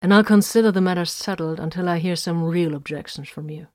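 A woman's voice: lowish voice, a little fast, darkish tone, no echo, studio quality, natural voice. A woman voicing a jovial, white-bearded old male sergeant of an armored warrior band, bluff and condescending. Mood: sardonic.

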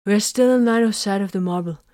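A woman's voice: mid-range voice, a little fast, dark tone, no echo, clean studio sound, pitched above the performer's own voice, lightly acted. A woman reading the part of a deferential male shuttle pilot, formal and polite.

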